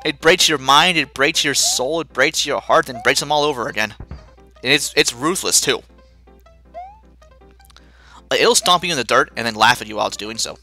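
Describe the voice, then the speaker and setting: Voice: medium pitch, normal speed, pauses often, bright, forceful tone. A let's play host giving self-mocking gameplay commentary, with sudden panicky outbursts. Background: faint game music.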